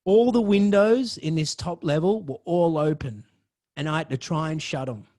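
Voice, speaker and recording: A young man, hosting a podcast and telling a story in a profane, excitable way. His voice swings from low mutters to loud outbursts. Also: normal speed. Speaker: podcast host. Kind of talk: storytelling monologue.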